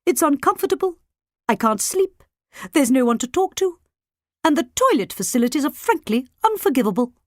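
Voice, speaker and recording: A fussy talking pet rat from a children's storybook grumbles about his treatment in a weak, tired voice, played by a woman. The pitch sits high and swings widely. The recording is dry and close. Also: sing-song, normal speed, no echo. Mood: complaining.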